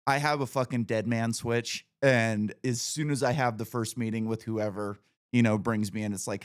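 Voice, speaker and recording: A man in his forties hosts a casual podcast, spinning stories with blunt, profanity-laced talk. His voice sits at a middling pitch with ordinary liveliness. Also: steady tone, normal speed. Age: 40s. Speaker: podcast host.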